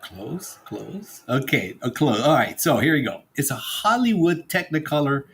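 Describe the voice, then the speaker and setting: A man's voice: a little high, very animated, normal speed, a bit bright. A man co-hosting a casual chat, playful, reading out facts.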